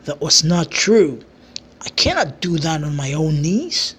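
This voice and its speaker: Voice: big pitch swings, a little slow, fairly bright tone, breathy edge, exaggerated voice. A narrator voicing a frightened brother of the king who begs desperately for mercy in a homemade fantasy story. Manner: high, desperate pleading.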